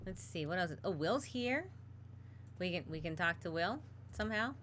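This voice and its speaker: A woman's voice: fairly low pitch, expressive, moderate pace, a bit bright, a little hiss or hum. A woman streaming a game, reading its text aloud with casual asides.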